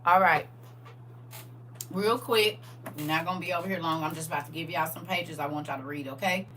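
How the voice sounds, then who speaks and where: Leading a relaxed Bible study online, a middle-aged woman chats with her listeners in a low, raspy voice. Her pace is fairly quick and her tone sharp, with a little hiss or hum in the recording. She's talkative, laughs frequently, and speaks straight to her audience.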